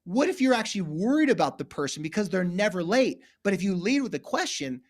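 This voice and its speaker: A man's voice: high-pitched, big pitch swings, a little fast. A man from California, a therapist guest, telling stories animatedly in a podcast interview and acting out the voices in them. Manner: acts out voices in anecdotes, emphatic.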